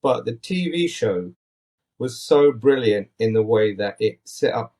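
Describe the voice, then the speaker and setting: A man's voice: medium pitch, lively intonation, measured pace, mellow. A man hosting a casual podcast, talking in an opinionated, rambling, critical way into a tablet mic. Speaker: podcast host.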